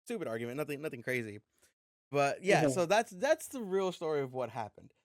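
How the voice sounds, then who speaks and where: A man's voice: fairly high pitch, sing-song, fairly quick, no echo. Brief: man, podcast guest, swears freely, rambling anecdote, dry close sound. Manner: profane, rambling storyteller. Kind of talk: casual chat.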